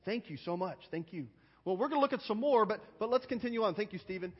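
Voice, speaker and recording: A high-voiced, husky man preaches to children in a large church, coaxing them with question after question and restarting his sentences. The sound is dull and lo-fi, with a long hall echo behind his voice. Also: expressive, fast talker. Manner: coaxing, asks many questions, repeats words at starts. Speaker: pastor. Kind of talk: children's sermon with audience questions.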